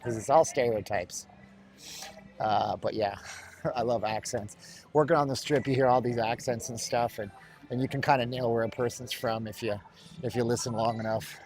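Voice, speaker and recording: A man's voice: mid-range voice, steady tone, normal speed, a little mellow. A man hosting a casual walking-tour livestream outdoors, chatting and joking with viewers as he walks. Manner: chatty, joking, laughs often. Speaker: livestream host. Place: outdoors at an outlet mall.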